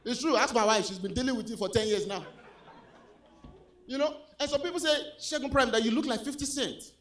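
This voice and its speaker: A Nigerian man with a Nigerian accent doing a stand-up comedy set on stage, animated, swinging between loud punchlines and low asides. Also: a little fast, a little hiss or hum. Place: comedy club stage with a live audience.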